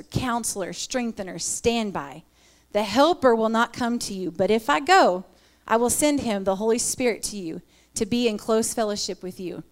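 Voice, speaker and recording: Earnest woman giving a sermon talk. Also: a little high. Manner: earnest, animated storytelling. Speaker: women's ministry speaker.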